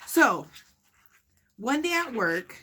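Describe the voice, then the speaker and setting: A young woman vlogger telling a story to her viewers in a casual, animated and indignant way. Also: a little high, very slow, slight background noise. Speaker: mukbang vlogger.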